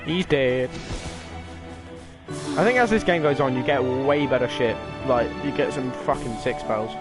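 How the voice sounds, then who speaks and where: A man's voice: mid-range voice, unhurried, low-quality recording. A young man giving sweary, offhand let's-play commentary as a gaming streamer. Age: young adult. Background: game music.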